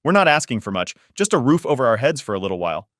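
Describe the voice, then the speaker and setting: Guy doing a desperate sister begging then snapping, pitched up a bit, dry sound. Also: very animated, fast, no room sound. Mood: pleading. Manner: pleading, shaky then yelling. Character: desperate pleading younger sister, then furious.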